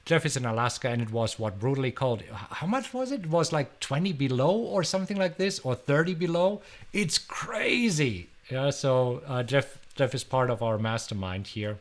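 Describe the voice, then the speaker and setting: A middle-aged man from Germany with a German accent, hosting a live stream and answering viewer questions in an energetic, chatty way that repeats words. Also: medium pitch, fairly quick, few pauses. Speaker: host.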